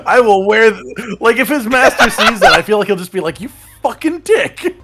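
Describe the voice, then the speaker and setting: A man co-hosting a gameplay video in casual banter, dry and sarcastic with deadpan quips. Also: high voice, a little fast, loud music behind the voice. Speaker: gaming co-host.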